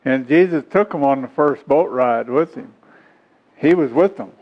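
A man's voice: mid-range voice, animated, moderate pace. A man preaching a sermon who reads scripture aloud and then explains it in homey asides, chuckling now and then. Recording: dull lo-fi recording.

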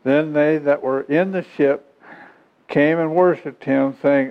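A man's voice: on the high side, steady tone, slow pace. A man preaching a sermon who reads scripture aloud and then explains it in homey asides, chuckling now and then. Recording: dull lo-fi recording.

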